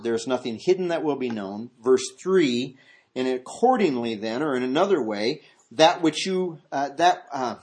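A man, a pastor, preaching an expository sermon in an animated way, moving from loud exclamations to hushed asides and acting out voices in his stories. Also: a little high.

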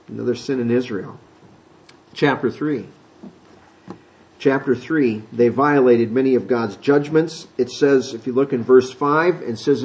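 A man preaching a sermon, teaching from the Bible in a chatty, folksy way, reading scripture aloud and slipping into quick voices. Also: medium pitch, a little mellow, low-quality recording. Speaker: pastor.

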